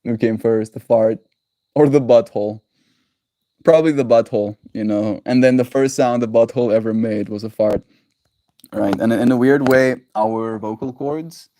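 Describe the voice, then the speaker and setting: Warm and on the low side, this Canadian man's voice holds a steady tone at normal speed, with no room sound. During his daily livestream he chats lovingly with viewers, rambling, giggling, and tossing out made-up words.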